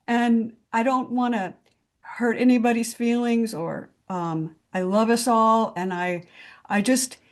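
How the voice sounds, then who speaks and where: A woman speaking candidly in a video-call sharing group, blunt and swearing, with many fillers and restarts. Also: a little high.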